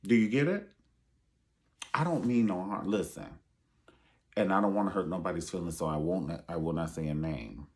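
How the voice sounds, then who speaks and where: A man's voice: low voice, moderate pace, pauses often, a little mellow. A man giving sassy, profane pop-culture commentary and calling his listeners honey. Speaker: online show host.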